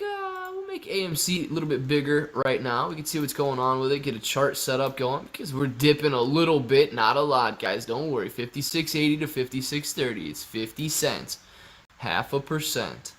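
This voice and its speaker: A man's voice: mid-range voice, big pitch swings, moderate pace, a bit bright. A man hosting a casual live stream, reading out viewer comments and greeting people by name in an upbeat way. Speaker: livestream host.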